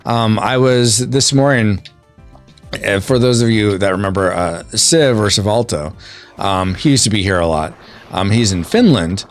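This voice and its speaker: A man's voice: lowish voice, normal speed, faint music behind. A man hosting a podcast, chatting casually while playing a video game and reading out chat messages. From California and Colorado. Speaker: podcast host.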